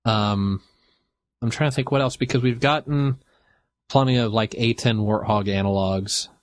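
A man co-hosting a podcast in casual chat, rambling and halting with lots of fillers. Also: mid-range voice. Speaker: podcast co-host.

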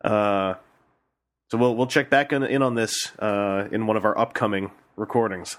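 A man's voice: fairly low pitch, steady tone, moderate pace. A man hosting a casual podcast, jokey and playful as he reads listener questions aloud. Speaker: podcast host.

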